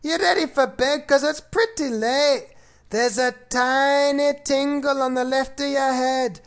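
A man's voice: very high-pitched, steady tone, unhurried. A man putting on a hammy Scottish brogue. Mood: storytelling. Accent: put-on Scottish. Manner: hammy, playful, exaggerated. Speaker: storyteller. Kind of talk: comic rhyming children's story reading.

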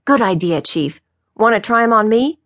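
A woman's voice: a little high, animated, moderate pace, pitched above the performer's own voice, close to an everyday voice. A woman doing a chipper young police officer. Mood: teasing. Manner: chipper and teasing.

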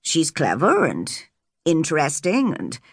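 A shy, kindly old farmer, as a woman reader puts him on, fumbling gently for his words. His voice is low and slow but rises and falls with feeling. The audiobook recording is dry and close. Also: wildly swooping pitch, slightly rough, no echo, heavily acted. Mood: gentle, hesitant. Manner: hesitant and gentle.

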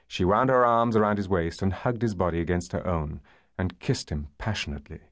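A man narrating a novel as an audiobook, in a measured and expressive storytelling manner. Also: low voice, no room sound, studio quality. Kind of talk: scripted narration.

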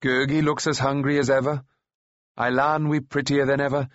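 A man voicing a tall, weathered warrior prince who speaks with measured, gentle authority in an audiobook. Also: medium pitch, level tone, no echo, dull audio, pitched above the performer's own voice, lightly acted. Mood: calm, wise.

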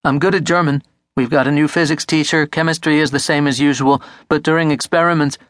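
A man voicing an anxious teenage boy who talks fast and eagerly to keep his father's attention. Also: a little high, fairly even intonation, a bit bright, no echo, studio quality, pitched above the performer's own voice, close to an everyday voice. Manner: rushed, eager, words tumbling out.

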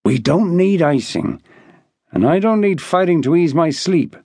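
Guy doing a growly stubborn old sailor, rough talk, a bit high and dry sounding. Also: animated, measured pace, a little mellow, dry recording. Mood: gruff. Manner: growling, plain dialect speech.

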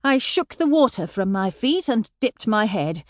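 A woman reads a first-person audiobook, her voice fairly high and lively in pitch. The sound is dry and close, as from a studio booth. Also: measured pace, dry recording. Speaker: audiobook narrator. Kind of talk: scripted first-person narration.

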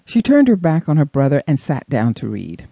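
A man narrating a suspense audiobook in an expressive storytelling manner. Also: a little high, normal speed, vocal fry, husky, no room sound. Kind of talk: scripted narration.

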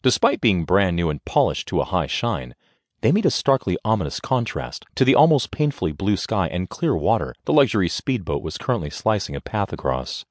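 Deep-voiced male audiobook narrator. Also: no room sound, studio quality. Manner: expressive, measured storytelling. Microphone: close studio mic.

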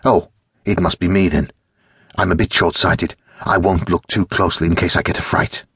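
A man's voice: deep voice, steady tone, normal speed, creaky, a bit bright, slightly rough, no room sound, exaggerated voice. A man voicing a teasing, moody teenage boy in an audiobook, dry and wry. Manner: teasing, then brooding.

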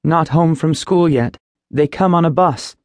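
A man's voice: fairly high pitch, measured pace, no room sound, pitched above the performer's own voice, close to an everyday voice. A male audiobook narrator voicing an earnest, insistent middle-aged mother. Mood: pleading. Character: woman, middle-aged mother, firm and pleading. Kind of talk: audiobook character voice.

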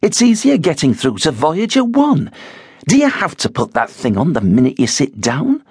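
A man voicing an exasperated middle-aged wife who fusses and hushes to keep the peace, in an audiobook. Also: low-pitched, huge pitch swings, normal speed, breathy edge, dry recording, clean studio sound, voice pushed up, full character voice. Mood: scolding. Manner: fussy, hushing.

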